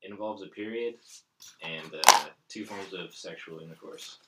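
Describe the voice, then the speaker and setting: A young man speaking hesitantly in casual chat, halting as he explains. His voice is very low. He sounds distant from the mic, with clear noise behind him.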